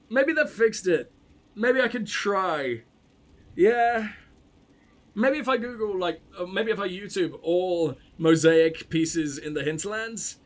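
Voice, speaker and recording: A man hosting a gaming channel in casual let's-play commentary, crude and self-mocking, swinging between excited outbursts and low mock-sultry mumbling.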